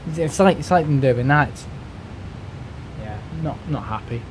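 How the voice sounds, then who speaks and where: A man talking off the cuff on a live stream, voice sitting at an ordinary middle pitch. He rambles, trips over and repeats his words, and swears as he vents. A faint air-conditioning hum runs underneath. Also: animated, normal speed. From United Kingdom. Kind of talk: casual ranting chat.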